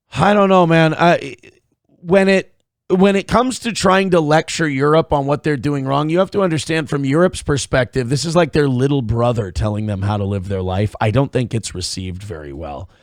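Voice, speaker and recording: A man's voice: on the high side, moderate pace, no room sound, clean studio sound. A man hosting a morning live stream, rambling and joking crudely while reacting to clips and viewer tips. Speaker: morning show host. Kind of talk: casual live-stream commentary.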